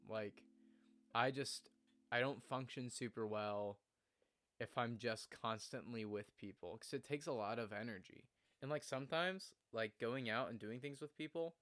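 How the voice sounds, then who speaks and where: A man's voice: medium pitch, a bit bright. Earnest rambling young man streamer. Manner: earnest and rambling, laughs at himself. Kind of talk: casual morning stream chat. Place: home streaming room.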